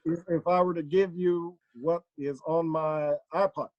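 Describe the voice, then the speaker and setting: Man imitating a statesman, higher voice, halting, lots of uh pauses, dry sound. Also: steady tone, no echo, dull audio, natural voice. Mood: deliberate. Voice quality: halting, stammering doubled words and 'uh' pauses. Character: measured male politician, halting, weighs both sides.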